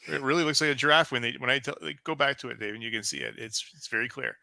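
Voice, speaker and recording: Man, trivia segment, bright tense voice, dry sound, steady delivery. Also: medium pitch, racing, gravelly, dry recording. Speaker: podcast co-host presenting trivia. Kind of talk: reading out fun facts.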